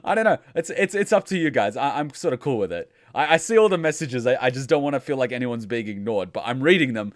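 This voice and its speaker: A man's voice: medium pitch, expressive, quick pace, few pauses, no room sound, clean studio sound. Chatty young man gaming commentary. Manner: chatty, self-deprecating, swears. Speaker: let's play gamer. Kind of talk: casual gameplay commentary.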